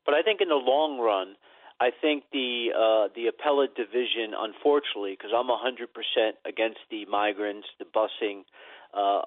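A man's voice: lowish voice, normal speed, no echo. A man calling in to a radio show, speaking plainly and with emphasis. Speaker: caller. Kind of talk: phone-in call. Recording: tinny phone line.

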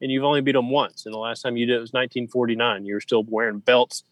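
This man's voice is medium-pitched, steady, fast, and a bit bright as he co-hosts a casual sports podcast. He makes his points emphatically, listing them with rhythmic repetition. The audio is poor, with no echo.

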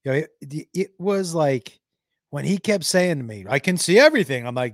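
A male comedian spins a rowdy stand-up story, swearing as he goes. His voice jumps all over the place, loud one moment and hushed the next. The sound is dry and close. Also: a little high, brisk, no room sound. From Texas. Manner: animated, profane, swings loud and quiet. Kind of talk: crowd-work stand-up storytelling.

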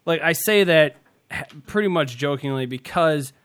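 A man's voice: on the high side, moderate pace, fairly bright tone, clean tone. A man hosting a casual podcast, rambling and self-deprecating, laughing often as he talks. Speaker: podcast host. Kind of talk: casual tech podcast chat.

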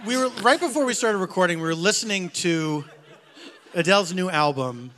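A man with a high, bright, ringing voice chats as a guest in an interview. He tells playful stories and breaks into laughter often, and he sounds middle-aged. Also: expressive, brisk, a little hiss or hum. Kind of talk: casual interview chat.

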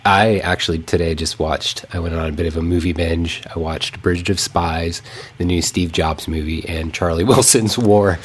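A man co-hosting a podcast in casual chat, a little congested from a lingering cold, relaxed and rambling with frequent laughs. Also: low-pitched, normal speed, few pauses, husky. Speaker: podcast co-host.

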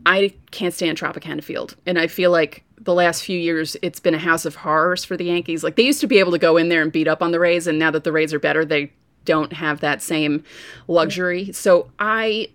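A woman co-hosting a casual sports podcast, telling stories with lively asides. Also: on the low side, fairly quick, dry recording. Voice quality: voice prone to going hoarse. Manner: chatty storyteller, lively asides. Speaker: podcast co-host.

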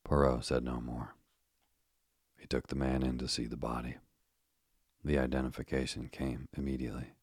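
A man narrating a mystery as a calm, even sleep-story reading. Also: very deep voice, moderate pace, long pauses, husky, no room sound, studio quality.

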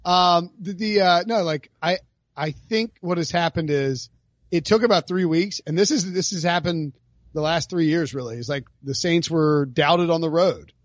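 A man co-hosting a sports betting chat, brash and heated, calling picks with loud rising outbursts. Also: a little high, moderate pace, no room sound, dull audio. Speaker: podcast co-host making picks.

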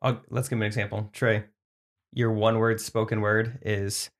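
A man's voice: fairly low pitch, level tone, measured pace. A man co-hosting a casual comedy podcast, playful and joking. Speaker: podcast co-host.

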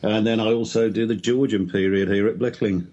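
An English man appearing as a podcast guest, joking at his own expense. His voice is fairly low and has a husky, breathy quality. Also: steady tone, fairly quick, warm tone, lo-fi sound. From England. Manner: jokey, self-deprecating. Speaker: guest psychic medium. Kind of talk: casual chat.

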